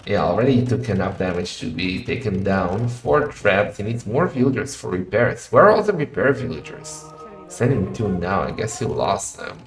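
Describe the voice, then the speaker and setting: A man casting a live strategy game match in a chatty style that rises to excited shouting in fights. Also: lowish voice, normal speed. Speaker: game caster. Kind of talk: live esports commentary. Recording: roomy echo with faint music.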